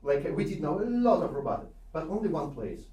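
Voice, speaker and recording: A man coaching a piano student in a masterclass, animated and repeating short instructions, slipping into German. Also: on the high side, fast. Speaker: piano teacher. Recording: roomy hall from a distance with piano.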